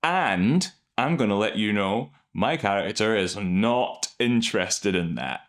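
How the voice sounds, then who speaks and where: A man, an improv coach hosting, explaining scenes in an animated, enthusiastic way. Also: on the low side, measured pace. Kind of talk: reaction and analysis commentary.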